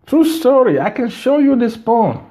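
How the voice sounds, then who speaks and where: A middle-aged man with a Nigerian accent vlogs from his house, talking casually to his viewers at home. His mellow voice is extremely high-pitched and sing-song, at a moderate pace, and he rambles emphatically, often saying things more than once.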